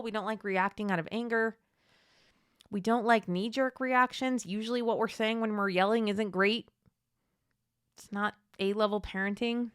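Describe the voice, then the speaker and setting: A woman hosting a podcast, coaching mothers in an encouraging, gently reassuring teaching monologue. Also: medium pitch, clean tone, no room sound, studio quality. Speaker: podcast host and Catholic mom coach.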